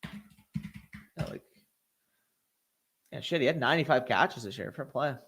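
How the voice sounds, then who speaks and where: A man's voice: mid-range voice, unhurried, a bit bright, slightly rough, soft background music. A young man hosting a casual live stream, reacting to events and talking to his chat. He swears freely and gets worked up. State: tired, hiccuping.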